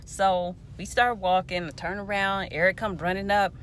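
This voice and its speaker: A woman in her forties telling a personal story to her viewers in an animated, lively way. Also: medium pitch, normal speed, slight background noise. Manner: animated, lively storytelling with playful quoted voices. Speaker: vlogger remembering a friend.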